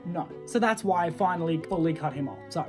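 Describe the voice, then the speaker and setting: A teenage girl rants to camera in a loose, rambling way, her voice sitting a little low for her age. She leans on fillers and acts out what people said. Guitar music plays clearly underneath. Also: quick pace. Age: teens. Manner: chatty, filler-heavy, acts out quotes. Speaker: vlogger. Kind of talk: casual storytelling rant.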